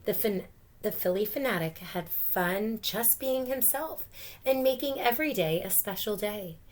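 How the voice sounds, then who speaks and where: A woman teacher reading a picture book aloud to children, gently pausing to explain words and ask questions. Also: medium pitch, lively intonation.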